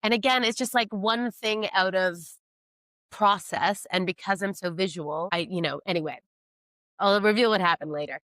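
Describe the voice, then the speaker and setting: A woman's voice: medium pitch, normal speed, a bit bright, no echo. A woman comedian, a podcast guest, telling a story in a casual chat, self-mocking and acting out what people said.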